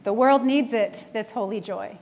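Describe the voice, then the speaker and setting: A woman's voice: on the high side, normal speed, heavy background noise. A woman in her forties, a minister giving a conversational sermon full of stories, who often laughs. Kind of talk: storytelling sermon. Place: church sanctuary.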